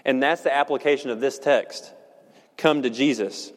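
A man preaching a sermon in a church, earnest and measured, slowing down to stress key words. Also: mid-range voice. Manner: earnest, measured, slows for emphasis. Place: church sanctuary. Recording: long hall reverb.

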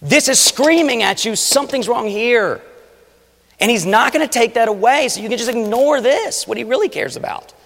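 Preacher guy giving a sermon, loud then hushed, big echoey hall. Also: very high voice, a little fast, creaky, few pauses. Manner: animated, swings from loud urging to hushed asides. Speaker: pastor. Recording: long reverb of a large hall. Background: audience.

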